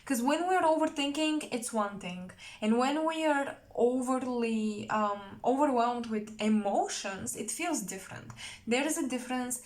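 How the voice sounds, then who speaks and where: A woman's voice: fairly high pitch, lively intonation, unhurried. A young woman giving a casual tarot reading, chatty and rambling, with many fillers and self-corrections. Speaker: tarot reader.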